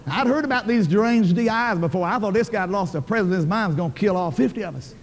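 An older man preaches in a brisk, high-pitched voice. He tells his story in a folksy, emphatic way, and his words ring out in a large, echoing hall. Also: slight background noise. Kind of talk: sermon storytelling.

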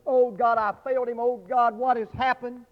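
A man's voice: very high voice, little pitch movement, normal speed, voice pushed up. A man voicing a grieving father searching for his only son, crying out in pleading, weeping tones. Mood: despairing. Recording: dull lo-fi recording with long hall reverb.

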